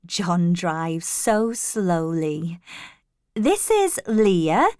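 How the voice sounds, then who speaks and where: A woman reading a story aloud and voicing a kindly grey-haired housekeeper who speaks gently and slowly. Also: fairly low pitch, sing-song, dry recording, clean studio sound, full character voice. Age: older. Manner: gentle, slow and warm-hearted.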